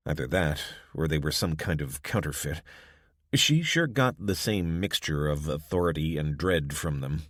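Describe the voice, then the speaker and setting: Audiobook narrator: man, very low voice, measured, dry studio sound. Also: expressive, fairly bright tone, no room sound. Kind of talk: scripted narration.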